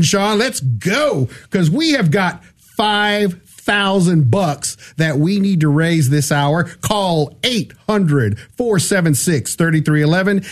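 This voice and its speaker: A man co-hosting a Catholic radio pledge drive, energetic and enthusiastic as he keeps repeating the donation phone number. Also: high-pitched. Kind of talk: radio fundraising appeal.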